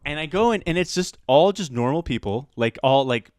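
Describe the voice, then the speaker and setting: A man's voice: fairly high pitch, expressive, brisk, a little mellow, no room sound, studio quality. A man co-hosting a podcast, a comedian telling rambling stories full of fillers and laughter in casual chat.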